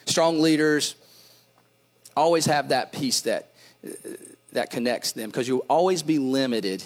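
A middle-aged man pastor preaching a sermon, animated, often repeating and restarting words, with dad jokes. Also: medium pitch, measured pace.

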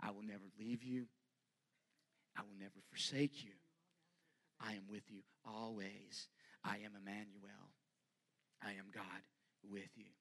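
A man preaching a sermon, swinging dramatically between hushed, near-whispered lines and loud, rising declarations. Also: lowish voice, flat delivery, measured pace, gravelly, pauses often, husky.

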